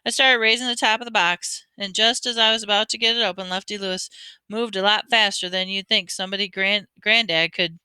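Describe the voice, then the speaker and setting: A woman reading a children's novel aloud with lively storytelling. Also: mid-range voice, brisk, clean tone, dry recording. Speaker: audiobook reader.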